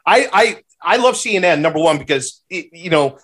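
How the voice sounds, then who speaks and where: A man on a casual podcast who talks with a profane, ranting edge. His voice sits a bit high for a man and swings widely in pitch as he argues. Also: a little fast. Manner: animated, profane, rants with rising exclamations. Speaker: podcast guest.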